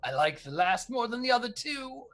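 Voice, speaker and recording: A man's voice: very high-pitched, sing-song, moderate pace, a bit bright, voice pushed up, exaggerated voice. A man voicing a scheming male goblin slave buyer with a silky, leering manner.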